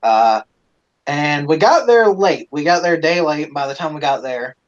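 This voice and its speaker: A man's voice: on the high side, animated, normal speed. A man hosting a live stream, casually telling a rambling, profane story with plenty of swearing, on a dull lo-fi recording.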